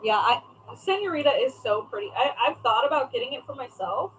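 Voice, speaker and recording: Livestream host: a chatty woman with a slightly high voice, faint noise behind her. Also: animated, a little fast, fairly bright tone, rough recording. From California. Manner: chatty, talks to viewers by name, trails off while searching. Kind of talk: casual livestream chat.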